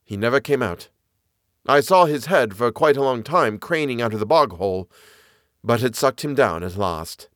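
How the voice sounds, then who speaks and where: A man voicing an eager, knowledgeable naturalist man who explains the moor with lively enthusiasm. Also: mid-range voice, normal speed, no room sound, clean studio sound, lightly acted. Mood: explaining.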